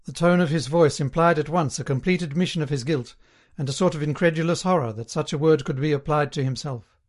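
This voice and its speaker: A man reading a novel aloud as an audiobook narrator, in a measured, even storytelling manner. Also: fairly high pitch. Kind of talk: scripted narration.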